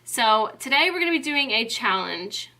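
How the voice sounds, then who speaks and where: A young woman vlogging casually, giggly and flustered, exclaiming often as she rushes. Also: a little high, very animated, sharp tone. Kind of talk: casual chat.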